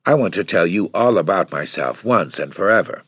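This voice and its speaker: A man lifts his deep voice into an eager young woman from an old storybook. She talks earnestly and a little breathlessly. The recording is dry and close. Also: expressive, fairly quick, a bit bright, breathy edge, no echo, heavily acted. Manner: eager, earnest, raised pitch. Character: young eager impoverished woman job-seeker.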